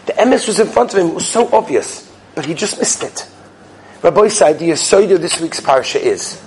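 A man with a high voice delivers a weekly Torah talk. He tells stories and acts out their characters as he goes, mixing Hebrew and Yiddish terms into his English. There is a faint bit of room noise behind him. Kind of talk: sermon with stories.

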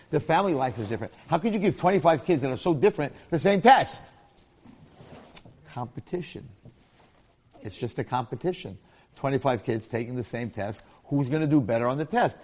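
The speaker is a middle-aged rabbi and longtime teacher with a medium-pitched, slightly mellow voice. In a relaxed Torah lecture, he relates stories and jokes while imitating the voices of those involved.

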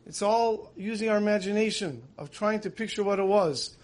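A man's voice: sits high, moderate pace. A man giving a sermon, telling stories in an earnest way that builds emotion. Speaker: religious teacher.

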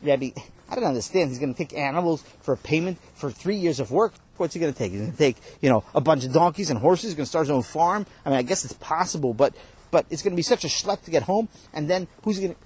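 A man's voice: fairly high pitch, lively intonation, fast, darkish tone, slightly rough. A man voicing a puzzled boy student questioning the story. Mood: skeptical. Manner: questioning, skeptical.

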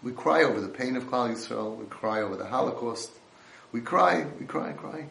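A man's voice: mid-range voice, lively intonation, normal speed, gravelly, a bit bright, echoey room. A man giving an impassioned Torah lecture, mixing in Hebrew and Yiddish terms.

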